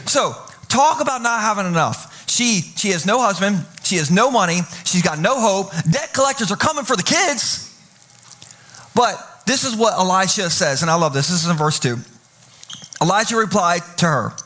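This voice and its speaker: A man's voice: sits high, animated, a little fast, fairly bright tone. A man preaching as pastor, telling funny stories and acting out the quoted voices with lots of animation. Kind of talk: humorous sermon storytelling. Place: church stage.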